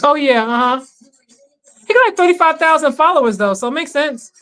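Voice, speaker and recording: A woman co-hosting a livestream, chatting fast in slang with frequent laughs. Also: high-pitched, animated, fairly bright tone, low-quality recording. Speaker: co-host of a livestream watch-along. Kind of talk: casual chat reacting to a livestream.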